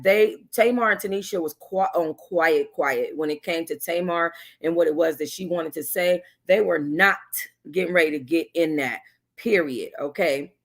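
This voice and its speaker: A woman hosting a casual livestream, giving chatty, sassy commentary with emphatic slangy asides. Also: low voice. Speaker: YouTube host reviewing a reality show.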